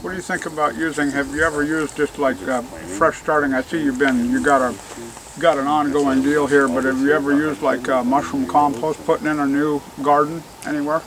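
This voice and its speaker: A man on a garden tour asking questions in a relaxed, folksy way, with fillers and hesitations. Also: on the high side, fairly quick, rough recording. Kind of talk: casual conversation. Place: outdoors in a garden with a crowd. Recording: outdoor recording with crowd noise.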